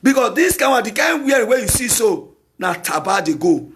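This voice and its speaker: A Nigerian-accented man hosts a talk show with an opinionated solo monologue. His voice sits high for a man, and he hammers his points through repetition, at times breaking into shouts. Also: big pitch swings, normal speed, a little hiss or hum. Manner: emphatic and repetitive, with bursts of shouting.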